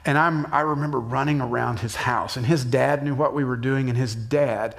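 A middle-aged man giving a conversational sermon as a pastor, dropping soft and low for emphasis and jumping up for acted shouts. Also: fairly even intonation, normal speed, gravelly.

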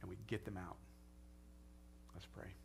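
A man's voice: deep voice, flat delivery, a little slow, vocal fry, background noise. A middle-aged man preaching as a pastor in an earnest, conversational way that rises to fervent prayer. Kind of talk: sermon and closing prayer.

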